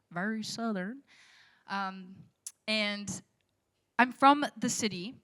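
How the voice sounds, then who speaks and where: Young woman from Kentucky at a live show. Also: medium pitch. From Kentucky, USA. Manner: expressive, rhythmic recitation; chatty and giggly between songs. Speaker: singer-songwriter performing live. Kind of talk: spoken-word poem, then casual stage banter. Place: live house concert venue.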